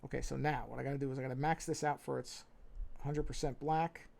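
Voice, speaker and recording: Gravelly man with a New York accent. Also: medium pitch, fairly even intonation, fast, darkish tone. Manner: thinking aloud, muttering and humming to himself. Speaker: digital artist streaming his drawing. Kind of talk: casual live-stream narration while drawing.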